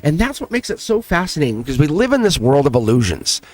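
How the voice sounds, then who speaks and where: A man's voice: fairly high pitch, big pitch swings, fast talker, no room sound, soft background music. A man hosting a tarot channel, giving an earnest, emotional spiritual pep talk straight to his viewers, near tears and repeating himself. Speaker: tarot reader, channel host.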